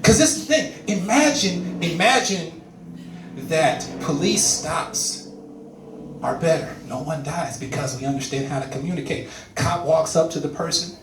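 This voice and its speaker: Male stand-up comic, high bouncy delivery, laughs at his own material, echoey room. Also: normal speed, far from the mic, background noise. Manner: animated, laughs at his own jokes, repeats words for emphasis. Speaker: stand-up comedian. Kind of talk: stand-up comedy set. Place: comedy club stage.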